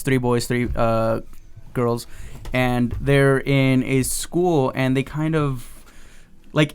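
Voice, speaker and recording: Man from Mexico, gravelly voice, casual podcast chat, hesitant. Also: medium pitch. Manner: hesitant, many ums. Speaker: podcast co-host.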